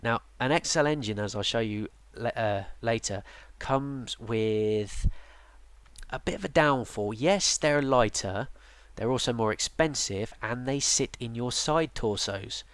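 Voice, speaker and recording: A man's voice: mid-range voice, unhurried, dry recording. A man, tired and yawning, casually explaining a game's units with plenty of ums and restarts. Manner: relaxed, rambling with many ums and restarts. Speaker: game guide presenter. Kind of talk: casual game tutorial narration.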